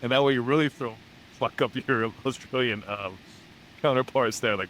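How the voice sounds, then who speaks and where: A man's voice: mid-range voice, normal speed, fairly bright tone, a little hiss or hum. An American man hosting a podcast interview, enthusiastic and upbeat, often repeating his praise. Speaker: podcast host. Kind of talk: casual interview chat.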